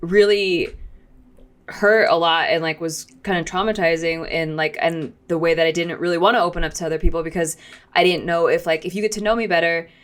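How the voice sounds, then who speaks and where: Young woman on a podcast, kinda low voice, rambly with lots of "like", a bit teary. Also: steady tone, a little fast. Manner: rambling, heavy use of "like", laughs through tears. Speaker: podcast co-host. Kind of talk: casual chat.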